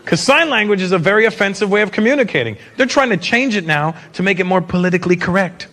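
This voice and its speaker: Teasing stand-up comic, bright voice. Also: male voice, high voice, lively intonation, fast. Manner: teasing, laughing at his own jokes. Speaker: stand-up comedian. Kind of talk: stand-up crowd work. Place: live comedy venue with audience. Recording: live show with crowd and hall noise.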